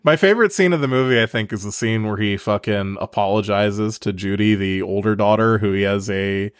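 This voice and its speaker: A man's voice: lowish voice, a little fast, clear, resonant tone, dry recording, studio quality. A man co-hosting a casual podcast over a call, swearing often and laughing a lot between lines. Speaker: podcast co-host. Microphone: remote call mic.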